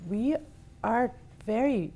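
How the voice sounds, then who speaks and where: A woman's voice: fairly high pitch, animated, takes it slowly, dark tone, slight background noise. A woman hosting a casual conversation about wellness, talking with enthusiasm and frequent restarts. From Canada. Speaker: host.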